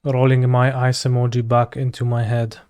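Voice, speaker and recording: A man's voice: mid-range voice, completely flat delivery, normal speed, darkish tone, smooth, dry recording. A man with a Polish accent, a streamer muttering casual, sarcastic commentary over his game, swearing when frustrated.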